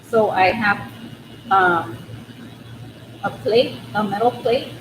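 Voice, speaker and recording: A woman's voice: mid-range voice, takes it slowly. A woman hosting a casual livestream from her living room, nervous and rambling, with many ums and restarts. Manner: nervous, soft-spoken. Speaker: crochet channel host on a livestream. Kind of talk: casual live chat with viewers. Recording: roomy room with steady background noise.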